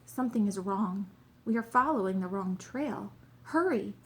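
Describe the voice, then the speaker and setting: A woman reading a children's story aloud and voicing a clever, confident male detective who talks briskly and exclaims when he finds a clue. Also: mid-range voice, lively intonation, close to an everyday voice. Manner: brisk, sure of himself, exclaims.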